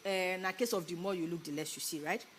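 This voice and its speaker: A woman's voice: lowish voice, fast talker, a little hiss or hum. A woman with a Nigerian accent co-hosting a talk show, explaining the news in a chatty way and checking in with her co-host with tag questions. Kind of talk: casual Pidgin news discussion. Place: broadcast studio.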